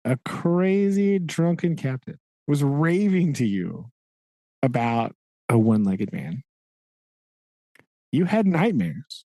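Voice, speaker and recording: A man co-hosting a casual book-chat podcast, teasing and animated with plenty of fillers. His pitch jumps around expressively. The recording is close and dry. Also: no echo. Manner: animated, mocking, many fillers. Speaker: podcast co-host.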